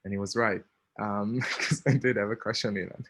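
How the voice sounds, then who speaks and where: Man, Israeli accent, thirties, low-ish voice, dry close sound, chatty storytelling, lots of ums. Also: steady tone, moderate pace, a bit bright, husky, no room sound. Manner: chatty, many ums, laughs between lines. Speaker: speaker. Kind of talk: personal storytelling.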